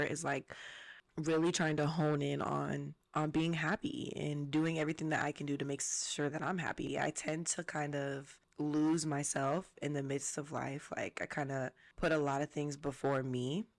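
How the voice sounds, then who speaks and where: A young woman from Southwest Florida hosting her own podcast, chatting casually and playfully with plenty of slang and laughter. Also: deep voice. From Southwest Florida, USA. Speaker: podcast host. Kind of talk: casual chat.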